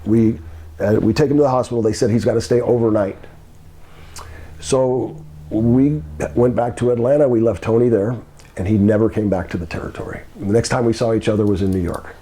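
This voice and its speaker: An older man telling a long anecdote as an interview guest, halting with many ums and restarts, his voice climbing when the story gets exciting. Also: on the low side. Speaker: guest telling old wrestling stories.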